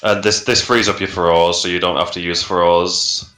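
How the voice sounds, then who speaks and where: A man's voice: deep voice, steady tone, moderate pace, sharp tone, roomy sound. A man with a Yorkshire accent commentating a game in casual, dryly sarcastic banter.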